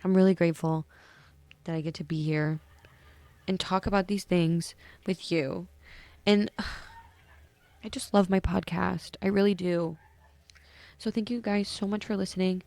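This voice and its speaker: A woman's voice: on the low side, steady tone, measured pace, pauses often, a little mellow, no echo. A young woman hosting a casual solo podcast, sleepy and yawning, chatting affectionately and rambling with self-corrections. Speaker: podcast host.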